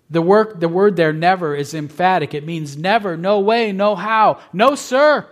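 A man's voice: a little high, normal speed, few pauses. A male pastor preaching a sermon with emphatic repetition, often checking in with his listeners. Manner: emphatic, asks the congregation "right?".

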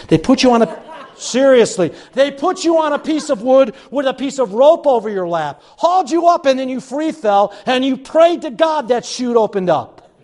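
Older male pastor from Chicago, animated storytelling preacher, high voice with wide swings. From Chicago, USA. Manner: animated, dramatic, jokey and self-mocking. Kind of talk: storytelling sermon.

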